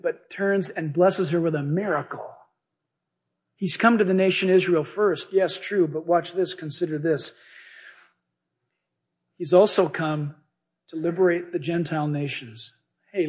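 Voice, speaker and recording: A male preacher delivering an animated sermon that retells a Bible story for his congregation. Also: high voice, breathy edge.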